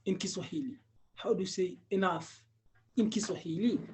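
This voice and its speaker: A man's voice: high voice, moderate pace, a little mellow. A man teaching Swahili, patiently drilling each word many times and chuckling often. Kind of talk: language lesson drilling.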